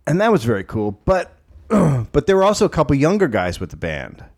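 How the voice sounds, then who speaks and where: This middle-aged man co-hosts a casual comedy podcast, spinning stories brimming with swearing and quotes he acts out. His voice sits on the high side with wildly swooping pitch, a brisk pace, vocal fry and a darkish tone.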